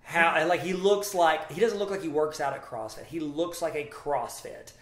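A man's voice: on the high side, normal speed. Jokey man chatting sports in echoey room. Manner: jokey, rambling, playful asides. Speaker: podcast co-host. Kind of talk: casual sports chat. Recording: roomy echo.

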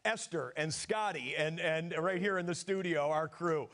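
A man's voice: a little high, normal speed, hardly any pauses, a bit bright. A man hosting a live sports broadcast from a TV studio, signing off with emphatic, effusive announcer delivery. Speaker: sports TV host.

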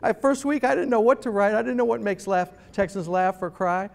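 A middle-aged man giving an animated, self-deprecating humorous talk as a guest speaker. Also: high-pitched, a little fast, gravelly. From New York City. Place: event room.

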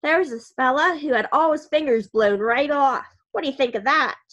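Woman reading a cranky old grandpa, loud, grumbling, complaining, war veteran, storybook audiobook. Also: high voice, moderate pace. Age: older.

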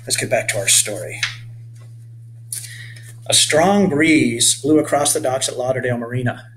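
A man's voice: mid-range voice, moderate pace, a little hiss or hum, poor audio. A man, the author, reading his children's book aloud and stepping out of the story to speak to young listeners. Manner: gentle asides speaking to children.

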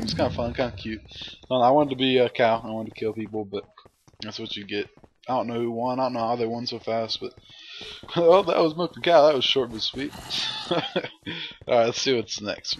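A man commenting casually on a game he is playing, talking to his viewers and letting out frustrated outbursts. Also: mid-range voice. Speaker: gaming commentator. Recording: loud background noise.

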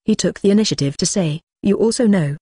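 A synthetic text-to-speech voice reading a translated web novel as an audiobook, with flat, even delivery that gives narration and dialogue the same tone. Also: mid-range voice, quick pace, slightly rough, dry recording, studio quality.

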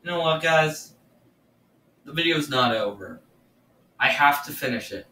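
Jittery stammering guy, bright voice. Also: on the high side, lively intonation, measured pace, slight background noise. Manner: nervous, stammering, repeats himself. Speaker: gaming YouTuber reacting to videos. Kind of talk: casual reaction commentary. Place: room at home. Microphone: laptop or earbuds mic. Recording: roomy, distant from the mic.

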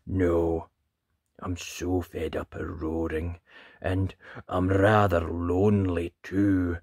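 A man's voice: level tone, takes it slowly, no echo, clean studio sound, heavily acted. A man voicing a lonely sniffling dragon. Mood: sad. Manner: soft, sniffly, low. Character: sad lonely female dragon, gentle.

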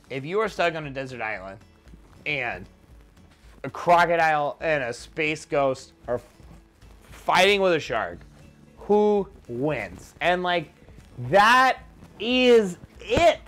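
Rambling tipsy guy. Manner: loud, rambling, swings into high shouted quotes. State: drunk. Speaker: drunk storyteller.

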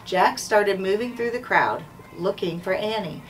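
A woman school principal reading a children's chapter book aloud in a clear, measured way. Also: medium pitch, expressive. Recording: distant mic, faint background noise.

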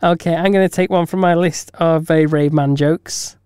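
A man's voice: a little high, steady tone, normal speed, a little mellow, clear, resonant tone, no room sound. A man co-hosting a podcast in casual chat, laughing often, with dry, teasing humour. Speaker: podcast co-host.

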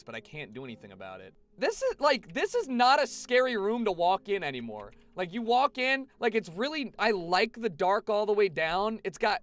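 Animated young male streamer. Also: high-pitched. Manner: animated, chatty, swears freely. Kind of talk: casual gameplay commentary to a live chat.

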